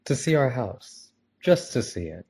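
A man voicing a grieving middle-aged wife who speaks softly and pleads hesitantly in a storybook reading. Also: mid-range voice, sing-song, a little slow, creaky, voice pushed up. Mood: pleading. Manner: soft, hesitant.

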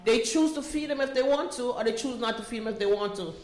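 A woman's voice: fairly high pitch, quick pace, darkish tone. A middle-aged woman giving an emotional personal testimony at a community meeting, pleading and repeating herself as she talks. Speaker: volunteer speaking at a community meeting. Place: meeting room. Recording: echoey meeting room.

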